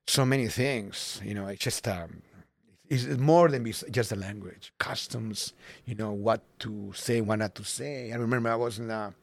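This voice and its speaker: A middle-aged man from Peru with a Peruvian Spanish accent, a restaurant owner telling stories in a radio interview with lively restarts and repetitions. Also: fairly low pitch, moderate pace, creaky, no echo. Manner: animated storyteller, restarts and repeats words. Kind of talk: casual interview storytelling. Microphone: studio microphone.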